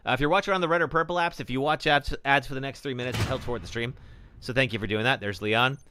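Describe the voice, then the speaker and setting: A man's voice: medium pitch, fast, bright, forceful tone, a little hiss or hum. A man streaming a horror game live, chatting with viewers and reacting nervously as he plays. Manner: jittery, talks to chat. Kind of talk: live gameplay commentary.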